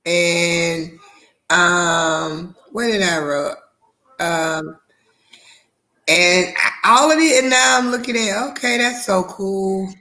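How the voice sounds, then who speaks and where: A woman's voice: lowish voice, takes it slowly, long pauses, sharp tone. A woman chatting casually on a video call, rambling and laughing easily.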